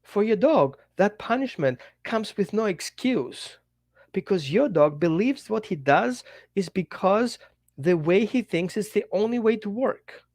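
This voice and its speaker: Brief: male dog trainer, animated to-camera lesson, higher-pitched voice, dry close sound, slightly non-native English phrasing. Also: measured pace, dry recording. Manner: animated, talks straight to the viewer, acts out little quotes. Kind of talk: direct-to-camera teaching talk.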